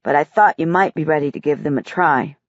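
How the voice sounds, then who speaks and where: A woman voicing a soft-spoken, gentle grown man in an audiobook. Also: brisk, dry recording, dull audio. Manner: low and gentle.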